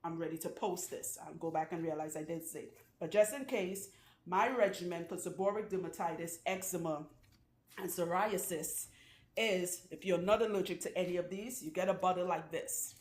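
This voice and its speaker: A chatty woman giving casual hair-care advice, her voice sitting a little low. She keeps checking in with her listeners as she talks. The room she records in is noticeably echoey. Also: normal speed. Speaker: loctician.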